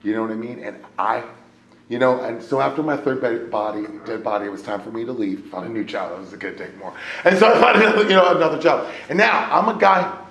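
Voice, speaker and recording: A man from the United States speaking to a recovery meeting, talking casually with lots of fillers, sometimes hushed and sometimes shouting. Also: mid-range voice, fast talker, vocal fry. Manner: animated, swings from hushed to loud shouting; conversational, many fillers and "right?". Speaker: AA speaker sharing his story. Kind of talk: recovery share to a live meeting. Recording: roomy echo, faint room noise.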